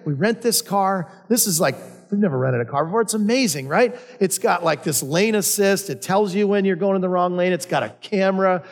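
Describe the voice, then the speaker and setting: A male pastor preaching a sermon, telling personal stories in a conversational way. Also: high voice. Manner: conversational storytelling. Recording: long reverb of a hall.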